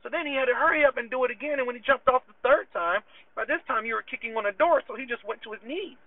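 High-voiced man on a tinny line. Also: quick pace, dry recording. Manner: animated retelling full of quoted back-and-forth dialogue. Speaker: army warrant officer and show host. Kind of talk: casual storytelling monologue. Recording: tinny phone-like dry sound.

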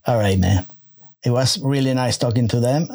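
A man's voice: medium pitch, moderate pace, a little mellow. A man hosting a casual interview, easygoing and friendly, often repeating his phrases. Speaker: interviewer host.

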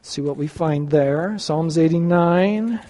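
High-voiced male pastor in a reverberant hall. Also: slow pace, mellow. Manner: enthusiastic, asks the audience questions. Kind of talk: sermon teaching.

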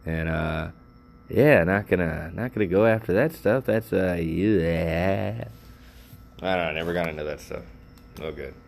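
Talking to his viewers in a loose, rambling way, this older vlogger swears freely and leans on frequent fillers. He sits low with a gravelly voice at a measured pace, and there's a little hiss or hum in the background.

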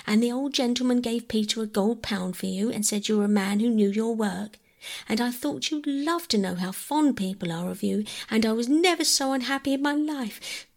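A woman reading aloud as an earnest young girl, breathless and pleading, runs her explanations together in a soft, breathy voice. Her lines lift higher than the narration around them. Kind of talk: audiobook character reading.

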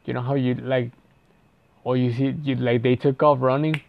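A man's voice: mid-range voice, flat delivery, moderate pace, vocal fry, highs cut off. A young man telling a story casually, rambling and profane, with lots of "like" fillers and restarts.

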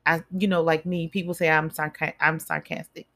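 A woman with a somewhat low voice delivers a casual motivational talk. She is chatty and addresses her listeners directly. She repeats key phrases to drive them home. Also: flat delivery, brisk, fairly bright tone. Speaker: motivational speaker.

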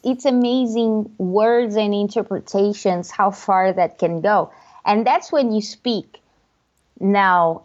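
Animated woman, dull lo-fi sound. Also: medium pitch. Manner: animated, acts out tones of voice. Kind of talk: casual chat.

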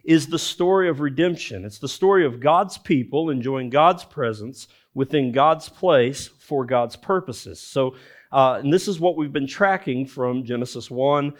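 A man's voice: medium pitch, unhurried. A man, a lead pastor, preaching a sermon in a conversational way, with filler words and rhetorical questions.

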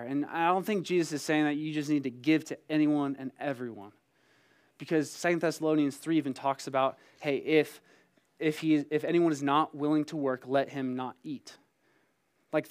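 A man's voice: fairly high pitch, smooth. A young adult man, a site pastor, preaching a sermon in a casual, storytelling way and acting out bits of dialogue. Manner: conversational storytelling, acts out dialogue.

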